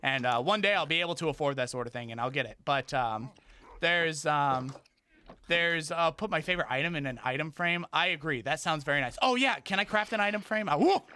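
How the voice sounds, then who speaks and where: A male gaming streamer with a bright, smooth voice chats casually during a livestream. He rambles haltingly with many restarts and breaks into high, startled yelps at the game.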